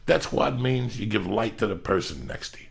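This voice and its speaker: A fifty-year-old man hosts with a low, gravelly voice. He swears through loose rants, and his talk jumps into loud, high-pitched bursts. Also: expressive, normal speed. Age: 50s. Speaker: podcast host. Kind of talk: loose profane podcast rant.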